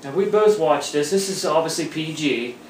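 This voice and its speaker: Man, casual movie review host, higher-pitched, relaxed chatty delivery, roomy echo, distant mic with faint hiss. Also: normal speed. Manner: chatty, relaxed, laughs between points. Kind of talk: casual home video review. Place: room at home by a table.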